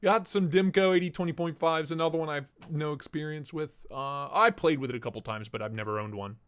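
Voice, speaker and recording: A young man chats casually on a live stream, his voice run through a voice changer that sits a touch high. He drifts between product talk and replies to chat, loose and easygoing. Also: brisk, fairly bright tone, smooth. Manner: casual, chatty, reads out chat and laughs.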